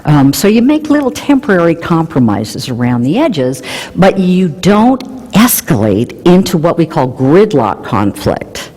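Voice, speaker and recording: A woman explaining relationship research in an animated way, mixing in playful personal anecdotes. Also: fairly low pitch, moderate pace, in a large hall. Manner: animated, warm storytelling with playful emphasis.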